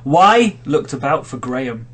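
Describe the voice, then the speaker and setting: A man's voice: mid-range voice, very animated, a little slow, a bit bright, breathy edge. A man hosting a casual podcast, reading a silly story aloud and laughing often. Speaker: podcast host.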